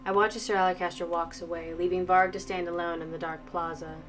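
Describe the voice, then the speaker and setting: A woman streamer reading a visual novel aloud, brisk narration with playful asides. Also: fairly low pitch, level tone. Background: faint game music.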